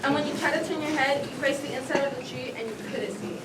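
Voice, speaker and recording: A woman's voice: high voice, fast talker. A woman narrating a stage play in the second person with dramatic, wry storytelling. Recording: echoey stage, far mic, loud noise.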